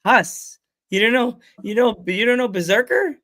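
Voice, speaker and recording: A man's voice: extremely high pitch, animated, brisk, a bit bright, no room sound, studio quality. A man in his forties hosting a podcast, chatting casually and jokily, laughing often. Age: 40s. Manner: jokey, laughs often, does goofy voices in anecdotes. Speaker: podcast host.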